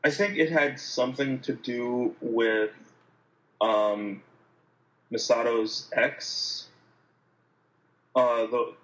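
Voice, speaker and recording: Podcast co-host, mid-pitched male voice, hesitant delivery, echoey room. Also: fairly even intonation, drawn-out words, pauses often, fairly bright tone. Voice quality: hesitant, many fillers and restarts. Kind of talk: casual chat.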